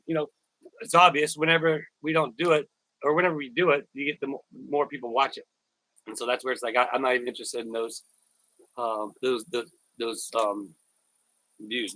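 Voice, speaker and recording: A man's voice: fairly high pitch, fairly bright tone, no room sound, low-quality recording. A man hosting a casual live stream, rambling, repeating words and thanking viewers by name. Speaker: YouTuber live-stream host.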